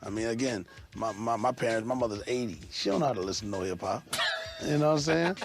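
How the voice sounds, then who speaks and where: Gravelly man explaining, animated and slangy. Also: mid-range voice, quick pace. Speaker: interviewee. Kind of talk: casual interview talk. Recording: faint music behind.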